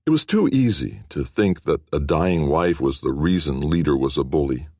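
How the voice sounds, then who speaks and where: A man narrating a fantasy audiobook in an expressive, varied reading. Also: very deep voice, normal speed, dry recording, clean studio sound.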